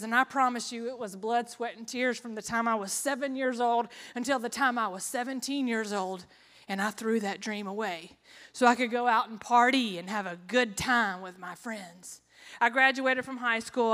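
A woman's voice: on the high side, sharp tone. A woman giving an earnest personal testimony, telling her story with quoted asides in an echoey hall.

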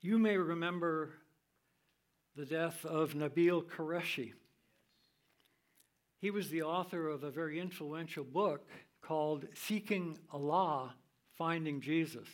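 Slow, measured older male Bible teacher. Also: a little high. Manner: measured, deliberate reading of scripture. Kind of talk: sermon-style Bible teaching.

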